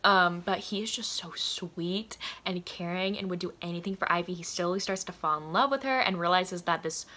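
A woman's voice: lowish voice, moderate pace, hardly any pauses, pushed and bright. Bubbly woman reviewing romance books. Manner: chatty and enthusiastic, many "like" fillers, frequent laughter. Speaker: book reviewer. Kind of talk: casual book recommendation vlog.

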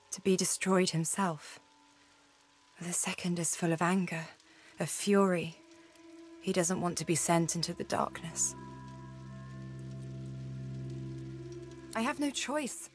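An actress playing a haunted young woman fighting a demon inside her, speaking in halting, anguished bursts, with soft game music behind. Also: on the low side. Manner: halting, anguished, faltering speech. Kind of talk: video game voice acting.

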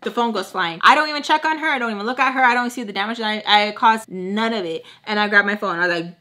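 Bright-voiced young woman telling a story. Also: mid-range voice, quick pace. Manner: animated, profane, quoting others with lots of "like". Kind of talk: casual storytime while doing makeup.

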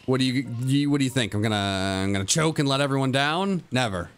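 A young man streaming a game live, talking to himself and his chat, with mock-dramatic groans and sudden high yelps. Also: expressive, fast talker. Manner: addresses his chat directly. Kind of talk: live gameplay commentary.

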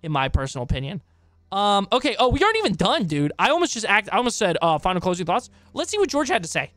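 A man streaming live and reacting to online drama, swearing and exclaiming, his voice going hoarse from talking so long. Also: sits high, big pitch swings, fast, a bit bright, no echo. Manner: profane, exclaiming, talks back at what he reads.

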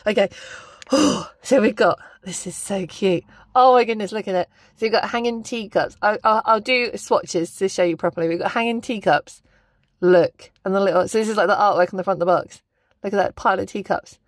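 A woman's voice: on the high side, animated, normal speed, dry recording. A young woman chatting casually as she unboxes stationery, gushing and exclaiming often.

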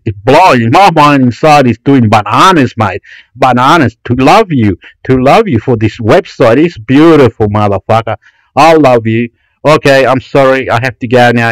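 A man rambling excitedly about websites in a vlog, loud, profane and repetitive. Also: mid-range voice, no echo, poor audio. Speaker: YouTube vlogger. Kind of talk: excited rambling screen commentary.

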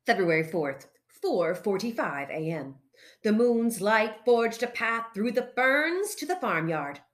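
A woman reading a children's picture book aloud, narrating in an expressive, playful way. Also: fairly high pitch, slow. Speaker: storyteller.

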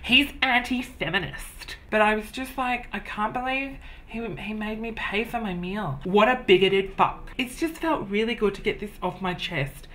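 A man's voice: sits high, normal speed, hardly any pauses, bright, forceful tone. A man playing a vain, self-obsessed woman who gushes over her own mirror image in a comedy sketch. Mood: gushing. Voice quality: wig-wearing drag persona, chatty and gushing. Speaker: comedy character host.

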